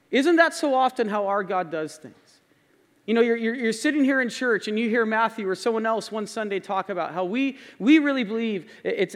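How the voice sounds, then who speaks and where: A pastor preaching a sermon in a church, earnest and repeating key phrases for emphasis. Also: male voice, sits high. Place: church sanctuary. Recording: long hall reverb.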